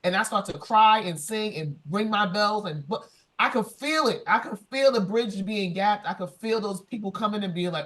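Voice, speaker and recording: A woman's voice: mid-range voice, normal speed, a bit bright. A woman speaking earnestly and emotionally on a conference panel, moved to tears. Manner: emotional, tearful, earnest and affirming. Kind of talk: heartfelt panel discussion.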